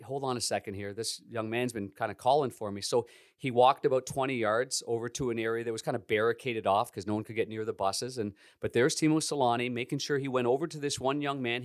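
A middle-aged sports broadcaster telling an anecdote in a relaxed way as an interview guest. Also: male voice, medium pitch, no room sound, clean studio sound. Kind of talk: storytelling in a podcast interview.

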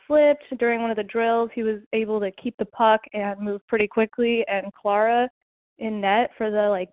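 A woman's voice: fairly high pitch, no room sound. A young woman from Southern California leaving a chatty fan voice message, full of likes and ums. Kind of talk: recorded voice message. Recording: tinny phone-quality voice message.

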